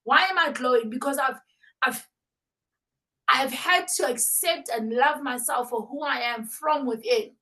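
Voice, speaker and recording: A woman guest with a high voice speaks with passionate, sermon-like conviction. She builds her points through repetition and emphatic declarations. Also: a little slow, bright, forceful tone. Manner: passionate, preacher-like, repeats "and therefore". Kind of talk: interview conversation.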